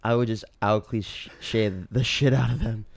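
A man's voice: mid-range voice, gravelly. A young man co-hosting a casual podcast chat, rambling with lots of fillers and restarts, laughing often. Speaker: podcast co-host.

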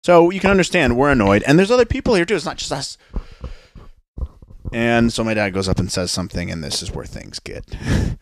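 A man's voice: medium pitch, very animated, a little fast, dry recording, clean studio sound. A young man, a podcast host, telling a story in a rambling, sarcastic casual chat. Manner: rambling, sarcastic, mocks others in put-on voices.

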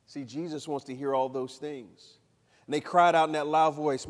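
High-voiced preaching man in a hall. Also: normal speed. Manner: animated preaching, acts out voices and calls the crowd to repeat. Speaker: pastor. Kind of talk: sermon.

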